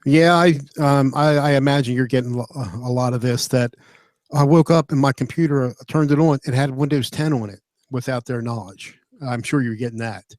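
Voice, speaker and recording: A man co-hosting a podcast, talking in a friendly but halting way. His voice is middle-pitched, and the recording is dry with no room echo. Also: a little mellow. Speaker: podcast co-host. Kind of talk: casual podcast chat.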